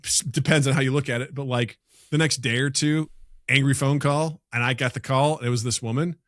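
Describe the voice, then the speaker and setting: A man co-hosting a podcast, telling stories in casual chat and acting out the people he quotes in loud, high voices. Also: fairly even intonation, brisk, no echo, clean studio sound. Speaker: podcast co-host.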